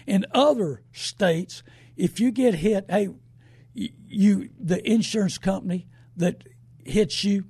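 A man hosting a call-in radio show, talking in a folksy, rambling way that builds to shouting. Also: high-pitched, gravelly, slightly rough, no room sound, studio quality.

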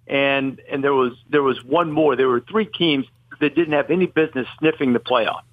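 A man's voice: mid-range voice, normal speed, dry recording. Opinionated man on a tinny line. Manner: rambling, self-correcting, opinionated. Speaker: podcast guest analyst. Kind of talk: casual sports debate.

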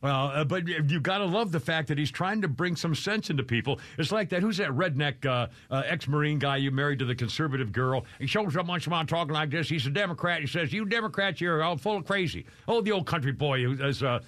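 Rambling, opinionated talk radio host. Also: male voice, on the high side, quick pace, few pauses, a bit bright, dry recording. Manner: rambling, opinionated, laughs and mimics people. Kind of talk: casual talk radio chat. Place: radio studio with video cameras. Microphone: studio microphone.

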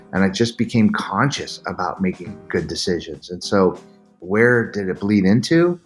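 A middle-aged man with a fairly low voice tells his story as a podcast guest, earnest and animated, jumping into quoted voices. Faint music plays softly beneath him. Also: normal speed. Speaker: podcast guest, endurance athlete. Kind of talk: candid storytelling interview.

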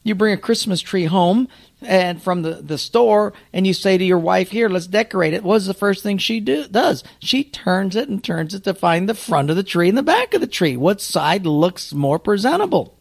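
Lively, gravelly-voiced pastor telling a story. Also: male voice, high voice, normal speed. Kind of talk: storytelling sermon anecdote.

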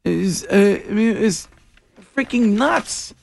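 A man's voice: sits high, lively intonation, takes it slowly, gravelly. A man hosting a radio talk show, rambling casually into a close studio mic. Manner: rambling, restarts and laughs.

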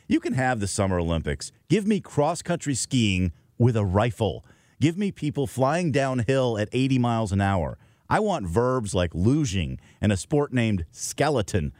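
A man's voice: lowish voice, a little mellow, dry recording, studio quality. A middle-aged man hosting a scripted radio segment, reflective and lyrical in manner. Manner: wistful, measured, lyrical. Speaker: host.

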